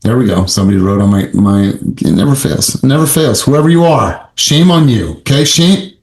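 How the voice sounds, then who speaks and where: A male sales coach delivers his session in an emphatic, motivational way, repeating key points for effect. His voice sits at an ordinary middle pitch. The room around him rings with noticeable echo. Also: expressive, normal speed, creaky, darkish tone. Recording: roomy echo.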